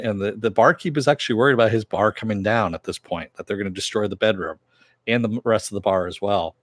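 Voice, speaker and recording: Low-voiced man casually recapping a TV episode. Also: no room sound, studio quality. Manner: rambling retelling that acts out quoted dialogue, chuckling now and then. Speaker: TV series reviewer.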